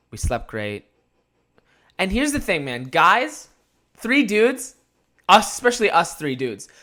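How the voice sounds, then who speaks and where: Casual young podcast host, rambling and swearing a lot, laughs a lot. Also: male voice, on the high side. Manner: animated, profane, rambling, laughs often. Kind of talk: casual solo podcast storytelling.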